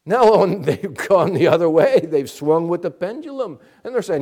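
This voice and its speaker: A man's voice: fairly high pitch, very animated, normal speed, few pauses, mellow. A man preaching a sermon as pastor, earnest and emphatic, asking the congregation direct questions.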